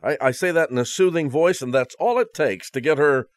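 A man's voice: fairly high pitch, fairly quick, no room sound. A man preaching a conversational sermon, earnest and direct, with dry jokes at the close. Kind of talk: radio sermon.

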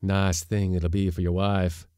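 A man voicing a stern, burly old sea skipper who talks in a blunt, rough seaman's dialect. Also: on the low side, moderate pace, darkish tone, no room sound, clean studio sound, pitched above the performer's own voice, close to an everyday voice.

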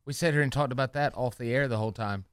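A man's voice: mid-range voice, racing, smooth, no room sound. Male morning radio host, rambling banter, dry studio sound. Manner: rambling, animated, laughs often.

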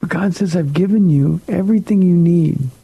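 Gravelly, mellow-voiced radio pastor man. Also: high-pitched, normal speed, rough recording. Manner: earnest, plain-spoken, conversational. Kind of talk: radio Q&A answering listener questions.

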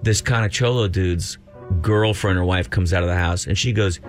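A man's voice: low-pitched, moderate pace, soft background music. A man co-hosting a talk show, telling a long funny story in casual chat and acting out the voices of the people in it. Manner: animated storyteller, acts out quoted voices. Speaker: radio show co-host.

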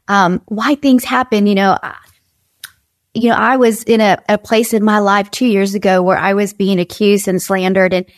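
A woman's voice: on the high side, no echo, studio quality. A woman preaching an earnest devotional sermon, repeating phrases and acting out inner dialogue as she exhorts her listeners.

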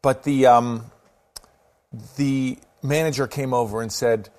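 A man's voice: mid-range voice, steady tone, slow pace, darkish tone. A middle-aged American man chatting as a podcast guest, telling stories with a self-deprecating, chatty manner. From United States. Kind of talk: casual chat.

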